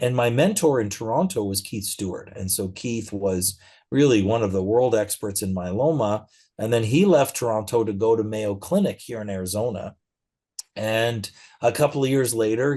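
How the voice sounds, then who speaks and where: A middle-aged man speaking as a guest in a conversational interview, telling stories in a relaxed way with frequent fillers. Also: mid-range voice.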